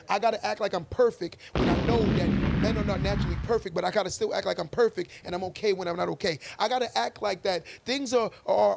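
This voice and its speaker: High-pitched yet gravelly, this man co-hosts a podcast's casual debate chat, pressing his view with emphatic, preachy conviction. He tells stories as he argues.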